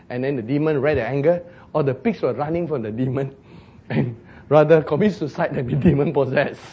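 A man preaching a sermon, telling a story with jokes, acted shouts and laughter. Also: mid-range voice, slight background noise.

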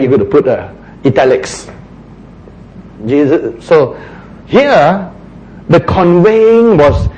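A man preaching a sermon, acting out quotes, sometimes shouting and then dropping to a hush. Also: on the high side, rough recording. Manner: animated, acts out quotes, shouts and drops to a hush.

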